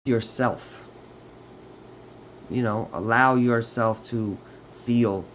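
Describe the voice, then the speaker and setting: A man's voice: mid-range voice, steady tone, very slow, a bit bright, a little hiss or hum. Chatty man giving a casual tarot reading. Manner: chatty, keeps checking in with "okay?" and "y'all". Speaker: tarot reader. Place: at home.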